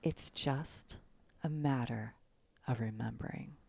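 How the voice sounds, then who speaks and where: A woman's voice: very deep voice, slow, vocal fry, husky, no room sound. A woman guest on a podcast telling a story casually, acting out what others said. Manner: animated, acts out quotes of others.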